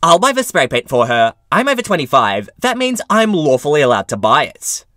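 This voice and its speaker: A man's voice: fairly high pitch, wildly swooping pitch, fairly quick, sharp tone, no echo, clean studio sound, full character voice. A man voicing a pushy, entitled middle-aged mother who argues indignantly with a cashier. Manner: indignant, demanding, screaming at times.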